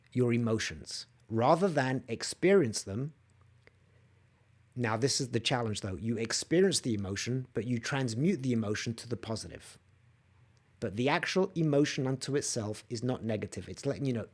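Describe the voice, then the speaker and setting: A man's voice: medium pitch, darkish tone. A man in a mid-range voice hosts a solo coaching podcast. He talks directly to his listeners, asks them to comment, and slips into short dramatized outbursts to make his points. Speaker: podcast host and empath coach. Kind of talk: solo motivational podcast talk.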